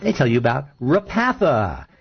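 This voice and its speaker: A man hosting a talk radio show, chatting casually and telling stories in an animated, argumentative way. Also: medium pitch, fairly quick, slightly rough, muffled recording. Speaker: show host.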